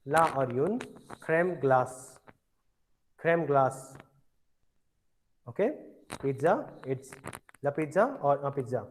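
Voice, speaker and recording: Male teacher, slow and patient, repeats words for the class; a lightly raised voice. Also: fairly high pitch, lively intonation, a little hiss or hum, low-quality recording. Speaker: French teacher. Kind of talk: classroom language lesson.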